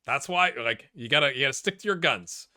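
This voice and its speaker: Excitable man commentating a game. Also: mid-range voice, fairly quick, dry recording, clean studio sound. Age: middle-aged. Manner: excitable, talks to players on screen. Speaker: gaming YouTuber. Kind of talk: let's play commentary.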